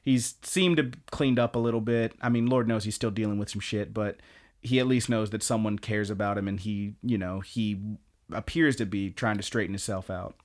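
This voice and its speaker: A man co-hosting a podcast, casually recapping anime episodes in an animated, storytelling way and swearing now and then. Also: on the low side, normal speed. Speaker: podcast co-host.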